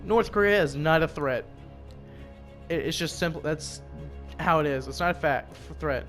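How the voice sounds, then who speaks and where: A young man from the United States with a slightly high voice rambles through loose, profane gameplay commentary. He hops from one topic to the next with offhand asides. Clear music plays behind him. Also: moderate pace, a bit bright. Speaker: gaming commentator. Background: music and gunfire from a game.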